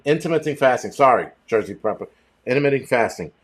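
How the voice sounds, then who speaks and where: A man hosting a casual livestream chat, rambling and swearing freely with animated outbursts. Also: mid-range voice, fast, breathy edge. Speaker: host.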